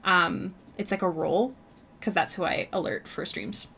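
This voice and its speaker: A woman's voice: lowish voice, moderate pace, gravelly, sharp tone, slight background noise. A young woman with a Canadian accent, chatting casually with her viewers while she draws on stream, bubbly and full of fillers. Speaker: art streamer. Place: home streaming setup.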